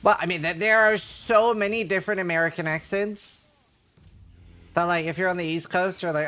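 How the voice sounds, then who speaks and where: A man's voice: fairly high pitch, fairly even intonation, moderate pace, pushed and bright, smooth. A man streaming a game, chatting casually and answering his viewers' messages in a joking way. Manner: chatty, jokey, reads and answers chat aloud. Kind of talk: casual chat with live viewers while gaming.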